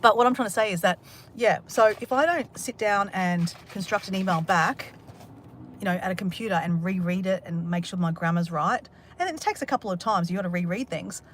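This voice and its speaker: A woman's voice: medium pitch, brisk, slight background noise. Chatty Australian woman on a livestream. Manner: chatty and rambling, with self-mocking sarcastic humour. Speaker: livestream host. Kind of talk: casual live chat reading comments.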